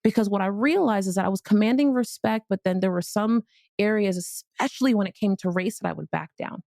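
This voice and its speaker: Middle-aged woman host from Miami, gravelly edge, mid pitch, candid and playful with casual swearing, dry close sound. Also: a little fast, dark tone, no room sound. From Miami, Florida. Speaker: podcast host. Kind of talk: motivational monologue.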